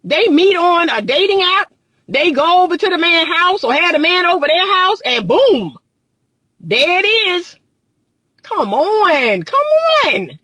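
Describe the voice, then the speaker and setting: Emphatic high-voiced woman relationship coach. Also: very animated, takes it slowly, pushed and bright, no room sound. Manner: emphatic, preachy, repeats phrases for emphasis. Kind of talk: live-streamed monologue. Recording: dry close phone mic.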